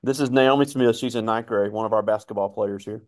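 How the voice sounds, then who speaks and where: A man's voice: lowish voice, a little fast, darkish tone. A man hosting a school career talk, asking questions in a friendly and rambling way. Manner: friendly, rambling, repeats himself. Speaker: school interviewer and host.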